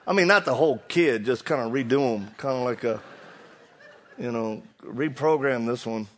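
A middle-aged man from Louisiana with a Cajun accent, preaching in a folksy storytelling way with halting restarts. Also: medium pitch. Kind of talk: sermon with humor.

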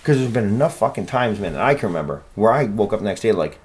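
A man's voice: on the low side, animated, fast talker, darkish tone, breathy edge. A man hosting a solo podcast, rambling and swearing in a self-deprecating, casual way. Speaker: podcast host.

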